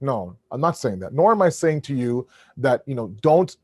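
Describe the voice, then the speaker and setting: A man with a booming voice giving an animated religious family lecture over a video call, often restarting his words. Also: moderate pace, dry recording, studio quality.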